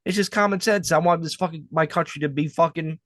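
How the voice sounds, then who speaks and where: A man's voice: on the high side, fast talker, a bit bright, no room sound. Blunt, fired-up man from the US. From United States. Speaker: podcast co-host. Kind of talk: casual chat.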